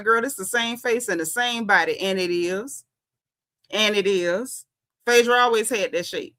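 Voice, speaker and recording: A woman's voice: mid-range voice, bright, forceful tone. A woman doing casual reality TV commentary for her viewers, sassy and emphatic, repeating her punchlines for effect. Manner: talks straight to viewers as y'all.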